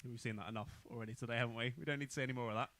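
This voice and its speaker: A man co-commentating live on a kart race, chatty and quick to explain driving technique. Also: medium pitch, steady tone, a bit bright. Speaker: karting co-commentator. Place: commentary box at a kart track.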